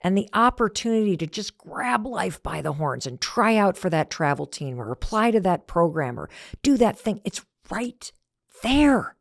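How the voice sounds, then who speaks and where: A middle-aged woman hosting a podcast, telling a story in an animated motivational talk that drops to whispered asides. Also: mid-range voice, moderate pace, gravelly, dry recording, clean studio sound. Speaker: podcast host.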